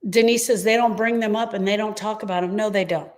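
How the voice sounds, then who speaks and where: A woman's voice: mid-range voice, steady tone, fast, darkish tone. A middle-aged woman who coaches grieving parents, speaking earnestly and emphatically in a live talk and repeating her key phrases to reassure them. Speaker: grief coach and host.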